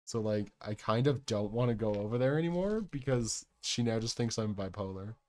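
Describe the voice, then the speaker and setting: A man's voice: lowish voice, lively intonation, a little fast, darkish tone. A young man chatting casually on a live stream, telling a rambling story full of swearing and asides to his chat.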